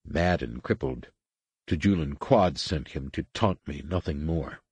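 A man voicing a wary alien woman adept, deferential and tense, speaking softly to her master. The husky tone sits somewhat higher than the reader's own, dry and close, read like a storybook. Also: a little slow, dry recording, exaggerated voice.

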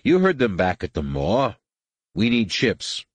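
Sarcastic older captain and father, deep and dry, voiced by a male reader. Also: wildly swooping pitch, measured pace, dry recording, highs cut off, heavily acted. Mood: matter-of-fact.

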